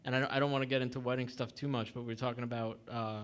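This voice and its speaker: A man in his thirties from Staten Island spins a loose, rambling story on a casual podcast. His voice sits at a middling pitch, and he chuckles here and there as the anecdote wanders along. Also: little pitch movement, rapid-fire. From Staten Island, New York. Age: 30s. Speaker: podcast co-host. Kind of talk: casual chat.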